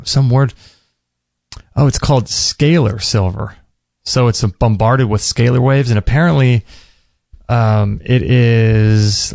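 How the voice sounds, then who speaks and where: Male podcast host, low gravelly voice, dry close sound, rambling casual delivery. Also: darkish tone, dry recording. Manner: rambling, searching for words. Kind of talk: casual solo podcast recap.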